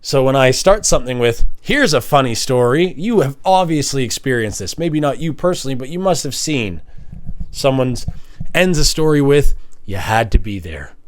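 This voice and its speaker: Animated man rambling to the mic. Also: normal speed. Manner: animated, swings between high mock voices and low mutters. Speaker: vlogger and musician. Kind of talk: rambling confessional monologue. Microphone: standing at a microphone.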